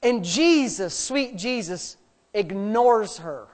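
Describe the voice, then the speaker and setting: A man preaching a sermon, swinging from low, hushed asides to high, shouted emphasis, with drawn-out emphatic phrases. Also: expressive.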